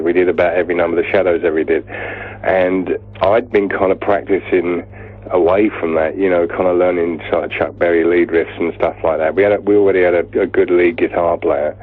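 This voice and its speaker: A man's voice: deep voice, fairly even intonation, fairly quick, slightly rough. An English man telling rambling, chatty stories with frequent laughter as a guest on a phone interview. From England. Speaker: guest musician. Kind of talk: casual phone interview storytelling. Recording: tinny phone line.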